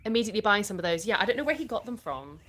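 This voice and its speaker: A woman's voice: mid-range voice, big pitch swings, rapid-fire, fairly bright tone. A middle-aged British woman from the UK, chatting casually on a live stream, reading and answering viewers' comments and laughing often. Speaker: livestream host.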